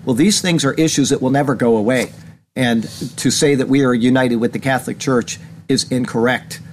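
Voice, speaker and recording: A man's voice: medium pitch, brisk. Male pastor for a small-church sermon, earnest, voice climbs when indignant, faint hiss underneath. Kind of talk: sermon commentary reading news. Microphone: camera.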